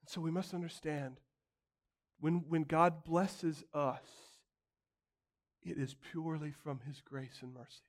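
A man's voice: a little high, steady tone, unhurried. A man preaching a sermon as a pastor, emphatic, building his points through repeated phrases.

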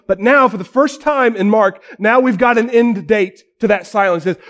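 A male pastor preaching a sermon with dramatic storytelling, often dropping to a near-hush for weight. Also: high-pitched, normal speed, hardly any pauses.

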